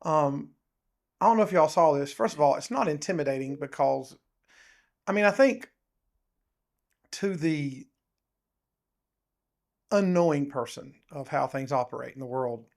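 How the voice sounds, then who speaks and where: Gravelly, animated podcast man. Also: fairly high pitch, unhurried, pauses often. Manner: animated, rambling, says "dude" and "um" often. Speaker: podcast co-host. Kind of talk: casual chat.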